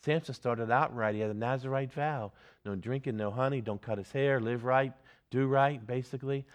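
A man preaching a sermon as pastor, earnest, swinging from loud emphasis to quiet, reflective questions. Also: mid-range voice, normal speed.

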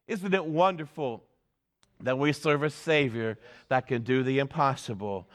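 A male pastor preaching a sermon in a church, emphatic, swinging between loud and soft delivery. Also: mid-range voice, a little slow.

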